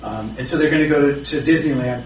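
A man's voice: mid-range voice, fast talker, a little hiss or hum. Man telling his story in a roomy hall. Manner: candid, self-deprecating storytelling. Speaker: recovery meeting speaker. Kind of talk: personal recovery share. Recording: roomy, distant, faint background ambience.

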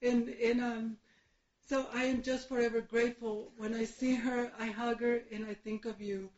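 A woman in her fifties giving a personal testimony at a recovery meeting, candid and laughing often, with halting restarts. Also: on the high side, flat delivery, a little mellow. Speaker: recovery speaker. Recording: roomy hall, dull sound.

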